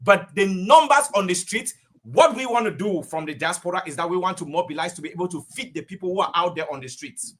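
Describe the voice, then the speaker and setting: A man's voice: high-pitched, fairly bright tone, husky. A man giving impassioned political commentary as a guest on a panel, emotional and rousing. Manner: emotional, rousing, rapid delivery. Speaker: diaspora commentator.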